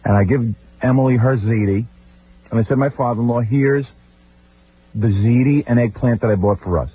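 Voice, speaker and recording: A man hosting a radio show, telling comic stories in an animated, exasperated rant and mimicking his relatives. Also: mid-range voice, normal speed. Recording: tinny phone-like old radio recording with faint hiss.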